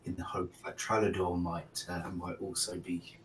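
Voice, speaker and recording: Hesitant player, lowish voice, distant mic. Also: male voice, little pitch movement, normal speed, background noise. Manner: hesitant, searching for words. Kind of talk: casual tabletop play.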